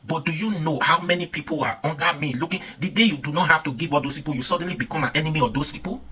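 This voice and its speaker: A man's voice: fairly high pitch, rapid-fire, bright, forceful tone, distant mic. A man with a Nigerian accent ranting angrily in a political vlog, firing off rhetorical questions and repeating himself. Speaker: political vlogger. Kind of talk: impassioned political rant.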